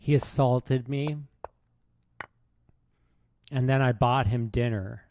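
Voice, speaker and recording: A man streaming, rambling in a deadpan, sarcastic way with halting restarts. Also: mid-range voice, a little hiss or hum. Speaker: chess streamer. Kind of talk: casual rambling monologue.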